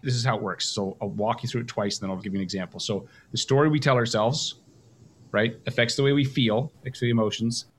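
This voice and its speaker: A man's voice: medium pitch, quick pace, slight background noise. A man hosting a coaching call, talking with energy and emphasis and acting out example phrases. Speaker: coach and host.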